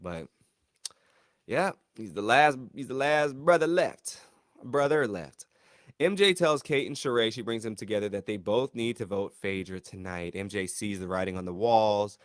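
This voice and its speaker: A man's voice: normal speed, no echo, clean studio sound. Chatty man recapping a reality show. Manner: animated, mimics cast members in high voices. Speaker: show reviewer. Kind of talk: casual recap commentary.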